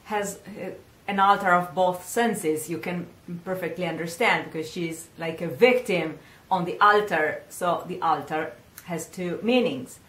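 A woman with an Italian accent, a singing teacher, giving a patient pronunciation lesson and repeating words slowly. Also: lowish voice, fairly bright tone. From Italy. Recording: echoey room.

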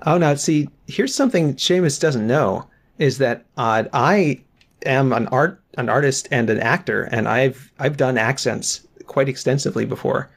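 A man's voice: mid-range voice, normal speed, vocal fry. A man co-hosting a podcast in casual chat, with dry, wry humor. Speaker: podcast co-host.

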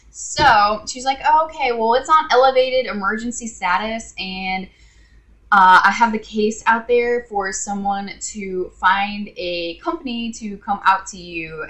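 A woman's voice: mid-range voice, fairly bright tone. A woman vlogger telling an exasperated, sarcastic story to her viewers in a casual rant. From Indiana.

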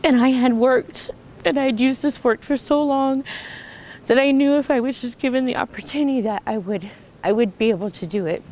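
A woman's voice: sits high, fairly quick, darkish tone, a little hiss or hum, rough recording. A woman sharing an emotional personal testimony, earnest and full of restarts and fillers. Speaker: retreat participant sharing a testimony.

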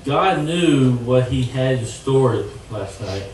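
Young male churchgoer, earnest testimony, halting with fillers, distant and echoey. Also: medium pitch, animated, a little hiss or hum. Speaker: church member giving testimony. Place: church sanctuary.

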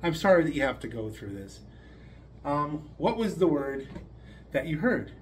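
A female schoolteacher pulls a child aside and speaks low, quick and hushed, kind but firm. A man acts her out in a joke. Her voice stays quiet and discreet. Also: big pitch swings, faint music behind.

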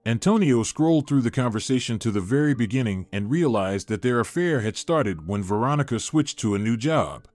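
A man reading a scripted drama story as narrator in a steady storytelling manner. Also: mid-range voice, a little fast, hardly any pauses, no echo, soft background music.

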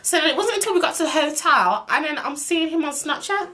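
A woman's voice: high-pitched, fast talker. Chatty young woman telling a story. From Birmingham, England. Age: young adult. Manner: chatty, animated, swears freely. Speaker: vlogger. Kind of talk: casual storytime.

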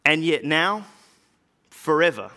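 A man's voice: on the high side, sing-song, bright, forceful tone, exaggerated voice. A man playing an early Christian evangelist, telling his story in a dramatic first-person monologue for a church drama. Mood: earnest. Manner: earnest storytelling with slow, weighty pauses.

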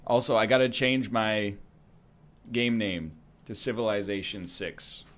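A man's voice: fairly low pitch, a little slow, a bit bright. A man joking and thinking aloud as he plays a strategy game, giving casual gameplay commentary. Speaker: gaming streamer.

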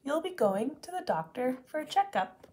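A woman voicing a calm mother bear in a storybook, reassuring her cubs. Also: high voice, normal speed, voice pushed up.

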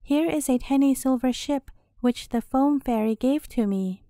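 A woman's voice: sits high, normal speed, mellow, dry recording, clean studio sound. A woman voicing an eager little boy in a storybook.

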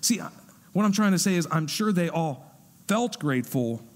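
A male pastor giving a sermon in a conversational, animated way. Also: fairly high pitch, moderate pace. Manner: conversational, animated when acting out quotes.

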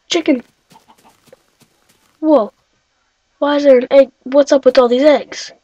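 Excitable young woman, gaming commentary. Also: high voice, slow pace, pauses often, no room sound, low-quality recording. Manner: excitable, talks to herself, shrieks when startled. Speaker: gaming video creator. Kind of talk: Minecraft let's-play commentary.

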